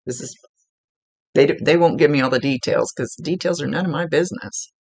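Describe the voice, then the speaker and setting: A woman's voice: deep voice, brisk, a little mellow, husky, no room sound. A woman working as a psychic medium, talking through a casual one-on-one reading in a chatty, rambling way, often restarting her sentences.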